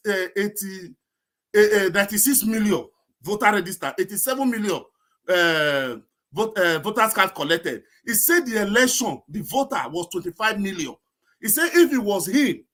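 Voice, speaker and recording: A high-voiced man with a Nigerian accent talks in an excited, rambling way, dropping pidgin phrases as he goes. He is heard over an online group call. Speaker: call-in participant. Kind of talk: casual online group discussion.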